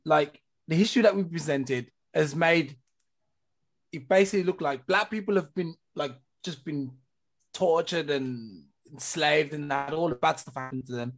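A man in a casual group discussion, asking a question in a halting, stumbling way. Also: fairly high pitch. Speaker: discussion participant.

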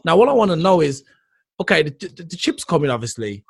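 A man's voice: a little high, sing-song, quick pace, slightly rough, no echo, clean studio sound. A man hosting a podcast, making his points in an emphatic, argumentative way. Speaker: podcast host. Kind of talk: casual chat.

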